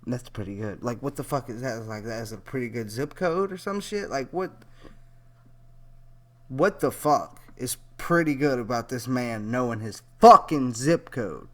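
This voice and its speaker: A man's voice: mid-range voice, measured pace, a bit bright. A man giving casual, rambling reaction commentary on a TV clip, profane and incredulous.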